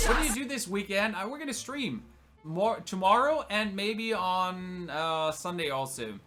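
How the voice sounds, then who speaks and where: A man's voice: on the high side, expressive, normal speed, over loud music. A young man from Germany with a German accent, joking and chatting casually as a streamer answering viewer questions. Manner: chatty, joking, laughs often. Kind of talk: casual Q&A livestream.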